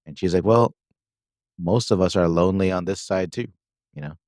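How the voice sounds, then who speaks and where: This co-host's low-pitched, darkish voice moves at a moderate pace as he casually recaps a film, quoting lines and leaning on fillers. The recording is dry and clean, from a studio.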